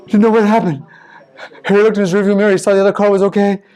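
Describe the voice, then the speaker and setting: Animated male storyteller with sound effects. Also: high-pitched, racing, clear, resonant tone. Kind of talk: children's story telling.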